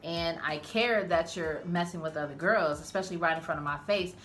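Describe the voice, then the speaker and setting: A woman's voice: on the low side, a little fast, a bit bright, faint music behind, lightly acted. A woman voicing a flustered young woman who is awkward under pressure, speaking plaintively. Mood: pleading.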